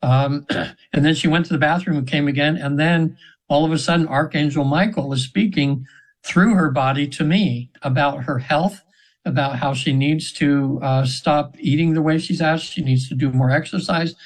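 A spiritual practitioner in his seventies, guesting on a radio show, tells a long story earnestly and casually, rambling with many fillers and restarts. His voice is fairly high and steady at normal speed, and the radio interview recording is low quality.

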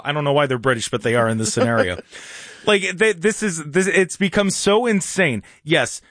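Sarcastic man with a higher voice. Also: lively intonation, fairly bright tone. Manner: sarcastic, mocking with slow sing-song asides. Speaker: radio talk show host. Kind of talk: opinionated call-in radio monologue.

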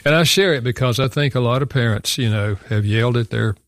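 A man's voice: mid-range voice, a little fast, no echo. An older man, a guest author, telling a personal parenting story in an earnest, reflective way, often saying "you know". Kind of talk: conversational storytelling.

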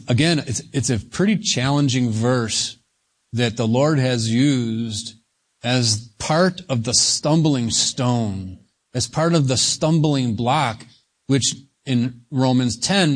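Slow, emphatic man preaching. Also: medium pitch. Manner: slow, deliberate, stretching key words for emphasis. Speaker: pastor. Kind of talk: expository sermon.

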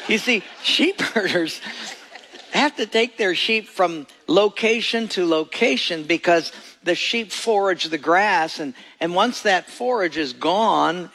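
A man's voice: sits high, gravelly, a bit bright. A man preaching a sermon as pastor, telling stories and acting out little scenes. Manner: storytelling preacher who acts out voices and jokes.

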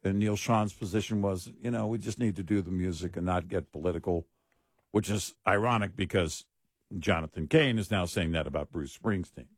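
A man with a low voice co-hosts a talk radio show and explains things casually. He often restarts his sentences. He is heard through a dry, close studio mic. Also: normal speed, breathy edge, no echo.

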